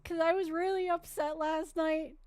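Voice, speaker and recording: Her pitch is extremely high but her tone steady, speaking at normal speed with no echo. Streaming, she chats loosely with viewers, rambling and restarting sentences, and uses baby talk with her pet.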